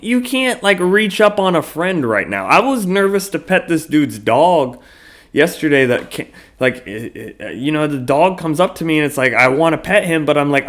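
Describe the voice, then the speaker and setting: A man hosting his own podcast in a casual solo monologue, rambling loosely with lots of fillers and frequent swearing. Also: a little high. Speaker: podcast host.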